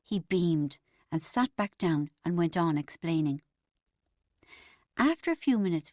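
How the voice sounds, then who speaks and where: Female audiobook narrator, wry comic delivery, medium pitch, dry studio sound. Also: no room sound. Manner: wry, lively comic storytelling.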